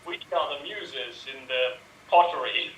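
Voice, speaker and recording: An improv performer, a man, playing a proud, fatherly god in a quick comedy scene. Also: mid-range voice, a bit bright, reverberant, distant mic, slight background noise, lightly acted, low-quality recording. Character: Zeus, booming proud male god.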